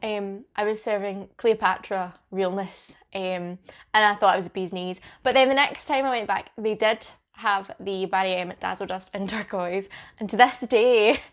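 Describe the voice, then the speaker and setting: A woman's voice: medium pitch, fairly even intonation, normal speed. A young adult woman with a Scottish accent, chatting casually to camera as a beauty vlogger, with plenty of ums.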